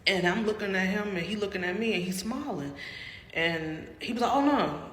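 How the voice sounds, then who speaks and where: A woman's voice: mid-range voice, fairly quick, fairly bright tone. A woman telling a personal story in a casual, dramatic way, often calling out to her viewers. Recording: roomy with long reverb and faint noise.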